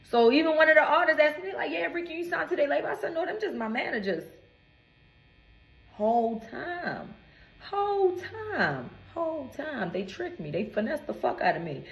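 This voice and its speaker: High-pitched woman in her twenties, swearing and indignant, storytime rant in an echoey room. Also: a bit bright, a little hiss or hum. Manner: profane, indignant, emphatic. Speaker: recording artist.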